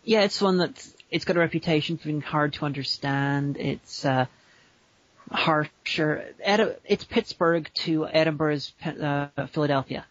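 A man's voice: fairly high pitch, measured pace, fairly bright tone, dry recording, dull audio. A man co-hosting a podcast in casual chat, rambling and breaking into silly voices. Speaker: podcast co-host.

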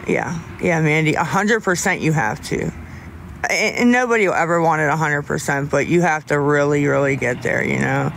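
Rambling young man, a bit high-voiced. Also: vocal fry, a bit bright, a little hiss or hum. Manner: rambling, halting, frequent restarts and fillers; candid, talks openly about staying sober. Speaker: livestreamer answering chat. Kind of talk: casual livestream chat.

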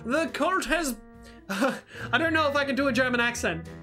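High bright-voiced woman rambling over a game, gets loud and excited, swears a lot, faint game music behind her. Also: moderate pace. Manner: excitable, swears freely, thinks aloud. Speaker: let's play host. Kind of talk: gameplay commentary.

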